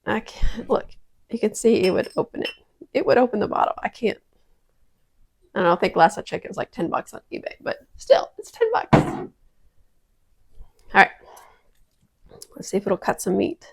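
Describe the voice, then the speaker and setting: A woman's voice: medium pitch, animated, normal speed, gravelly, long pauses, breathy edge. A woman casually testing kitchen gadgets at home, chatty and prone to dramatic exclamations. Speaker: product-testing vlogger. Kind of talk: casual kitchen product review.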